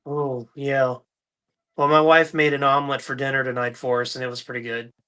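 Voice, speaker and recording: A middle-aged man hosting a podcast, chatting casually and telling animated stories, now and then mimicking other people's voices. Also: mid-range voice, fairly quick, clean tone. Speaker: podcast host. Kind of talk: casual chat.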